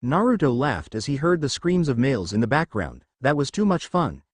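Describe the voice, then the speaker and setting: A man reading out a fan-fiction story as scripted narration, with a lively, animated delivery. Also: medium pitch, normal speed.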